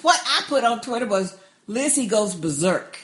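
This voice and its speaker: A woman co-hosting a podcast in casual chat about a TV episode, quick to agree and chiming in with short replies. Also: on the high side, very animated. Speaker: podcast co-host.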